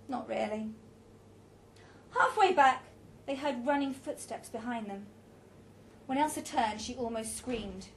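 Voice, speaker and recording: A woman's voice: on the high side, expressive, a little slow, slight background noise. A woman reading a story aloud with a dramatic, varied delivery.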